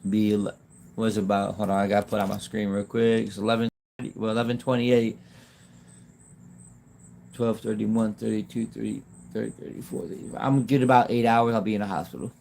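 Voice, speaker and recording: A man's voice: lowish voice, level tone, vocal fry, a little mellow, slight background noise. Rambling man chatting on a livestream. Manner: rambling, halting, often laughing. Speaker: YouTube livestreamer. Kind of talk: casual livestream chat.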